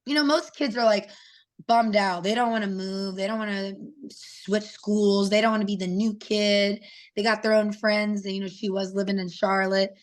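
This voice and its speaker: A woman in her thirties telling family stories as an interview guest, casual and animated, acting out what her kids said. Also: medium pitch, normal speed. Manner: animated, acts out quoted voices of her kids. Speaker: guest fighter.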